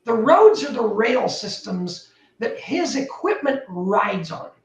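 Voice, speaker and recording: Animated high-voiced woman, roomy distant sound. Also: takes it slowly, vocal fry, muffled recording. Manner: animated and emphatic, with big pitch swings. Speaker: guest, building technology entrepreneur. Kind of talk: casual interview talk.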